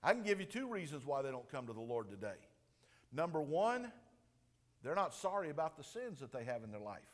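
Male preacher, high-pitched, animated sermon delivery, long echo of a large sanctuary. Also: a little fast. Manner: animated, swings from hushed to booming. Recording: long reverb of a large room.

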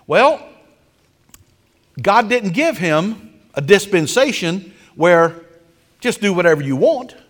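A man preaching a sermon as a pastor, telling stories dramatically and with lively animation. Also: sits high, a little slow, in a large hall.

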